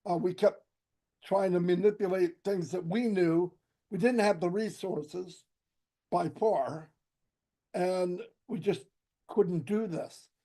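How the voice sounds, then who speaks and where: A man speaks with a fairly high, mellow voice that is going hoarse. He gives an earnest personal testimony on a group call and often restarts his sentences. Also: takes it slowly, pauses often. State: losing his voice. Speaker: participant in an online group call.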